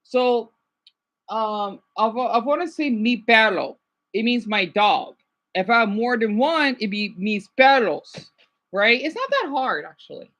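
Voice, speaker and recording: A woman's voice: a little high, sing-song, a little slow, a bit bright. A woman vlogger chatting casually about learning languages, rambling and hesitant, often checking in with "right?".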